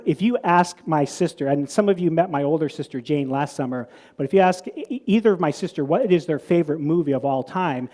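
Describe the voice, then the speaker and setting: A preacher delivers a conversational sermon to a live audience, telling stories with many restarts and repeated words before putting questions to his listeners. His voice is fairly high and warm.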